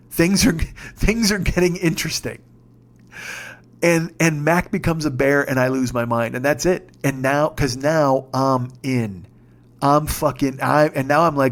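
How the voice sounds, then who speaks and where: A man in his fifties telling a story in a casual monologue, profane and excitable, breaking into shouts. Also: on the high side, moderate pace. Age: 50s. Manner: profane, excitable, shouts when reliving moments. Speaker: podcast host.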